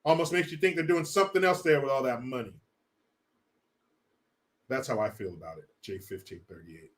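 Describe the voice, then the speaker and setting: A live stream host with a mid-range voice speaks at normal speed while hosting a casual livestream. He reads chat and rants, with plenty of profanity and laughter.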